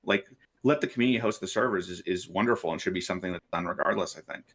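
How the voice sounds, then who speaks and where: A man's voice: deep voice, fast talker, a bit bright. A man answering in an interview, rambling with lots of fillers, played from a clip. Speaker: game developer being interviewed.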